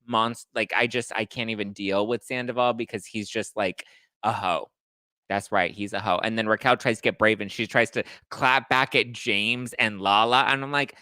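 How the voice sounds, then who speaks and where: A young man hosting a podcast, recapping casually with sassy, animated delivery and mimicking the people he talks about. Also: mid-range voice, normal speed, no echo. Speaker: podcast host. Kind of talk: casual live recap chat.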